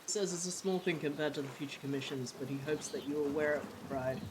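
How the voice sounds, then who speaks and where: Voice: medium pitch, fast, close to an everyday voice. A streamer reading aloud the part of a loyal, courteous servant of a baron, in a plain everyday voice. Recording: rain noise in background.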